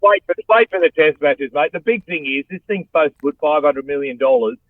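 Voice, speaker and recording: A man's voice: on the high side, brisk, no room sound. Australian man on a tinny phone line. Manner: blokey, animated, says "mate" a lot. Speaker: guest, former rugby player and radio host. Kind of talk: casual chat over a phone line.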